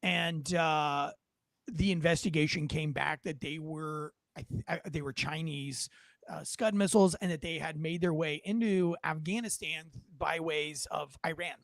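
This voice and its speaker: A man's voice: fairly high pitch, measured pace, creaky, fairly bright tone, no echo. A man hosting a casual talk show, joking and rambling before turning to a serious topic. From United States. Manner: joking, rambling, self-deprecating. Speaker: podcast host. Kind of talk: casual chat.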